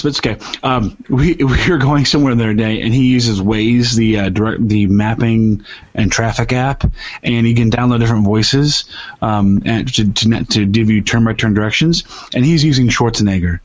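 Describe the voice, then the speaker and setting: A man's voice: mid-range voice, normal speed, muffled recording. A man co-hosting a podcast, chatting in a rambling, easygoing way. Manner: rambling, laughs easily. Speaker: podcast co-host. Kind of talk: casual podcast chat.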